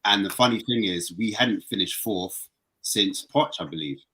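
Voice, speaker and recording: A man talking as a football fan guest on a casual podcast, animated and excitable, his voice jumping higher when worked up. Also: normal speed, slightly rough.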